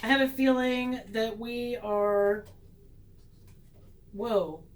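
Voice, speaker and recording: A woman's voice: fairly high pitch, fairly even intonation, extremely slow, poor audio. A woman vlogging a tarot reading in a casual, sarcastic, self-mocking way, laughing often.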